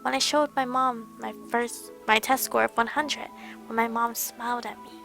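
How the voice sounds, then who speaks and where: A woman reading first-person visual novel narration aloud in a soft, near-whispered way. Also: on the high side, fairly even intonation, moderate pace, gravelly, soft background music. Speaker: let's play streamer.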